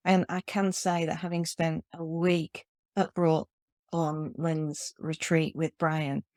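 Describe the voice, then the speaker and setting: A woman hosting a relaxed interview chat in a fairly low voice. She talks earnestly and with a lot of feeling, and often restarts her sentences. Her sound is close and dry. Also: takes it slowly, no echo. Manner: earnest and effusive, with frequent restarts. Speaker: podcast host.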